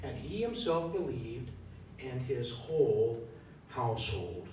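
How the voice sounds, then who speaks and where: Guy preaching a chatty sermon, keeps asking the church questions, lots of echo, faint rumble underneath. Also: very animated, takes it slowly, a little mellow. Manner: conversational, thinking aloud, asks the congregation questions. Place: church sanctuary. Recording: echoey hall from far off, faint rumble.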